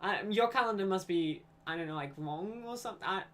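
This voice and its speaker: A woman's voice: mid-range voice, fairly quick, a bit bright. A young woman streaming live, chatting in a rambling, scatterbrained way with frequent giggles and self-corrections. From Australia. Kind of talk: casual rambling stream chat.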